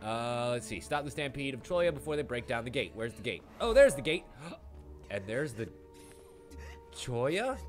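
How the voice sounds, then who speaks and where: Excitable man streaming a game. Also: mid-range voice, measured pace. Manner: excitable, swearing, gushing. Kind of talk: live game stream commentary. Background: game music.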